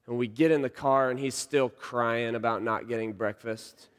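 A man in his thirties preaching a sermon, telling a story and swinging from hushed lines to shouts. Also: medium pitch, flat delivery, normal speed, hardly any pauses, clean tone. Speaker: pastor. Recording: long reverb of a large hall.

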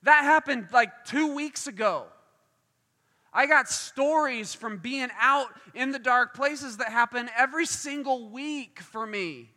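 A man's voice: extremely high pitch, slow pace. A man preaching a sermon, telling a story and acting out the voices in it. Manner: animated, acts out voices in stories. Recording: long hall reverb.

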